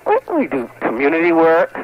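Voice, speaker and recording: Over a phone line with dull audio and slight background noise, a male caller to a comedy radio show speaks fairly quickly in a fairly high voice whose pitch swoops wildly. He is indignant and insistent, threatening the host during this comedy phone-in call.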